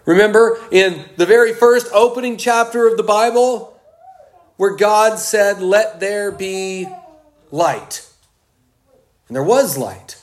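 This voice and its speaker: A man preaching a sermon, slow and emphatic, with dramatic pauses. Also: high-pitched, animated.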